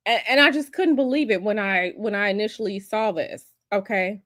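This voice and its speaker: A woman's voice: medium pitch, animated, moderate pace, dry recording, clean studio sound. A woman hosting a casual livestream, chatty and sassy, calling her viewers y'all and baby. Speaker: livestream host.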